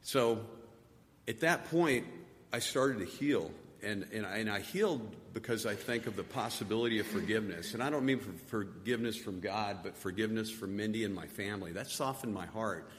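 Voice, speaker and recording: A middle-aged man giving a personal testimony, halting and soft-spoken, often repeating his words. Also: on the low side. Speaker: testimony speaker. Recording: long hall reverb, faint noise.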